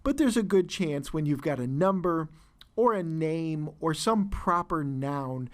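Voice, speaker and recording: A man teaching an exam listening lesson, explaining answers in a measured way with frequent fillers and restarts. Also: a little high, expressive. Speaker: test-prep teacher.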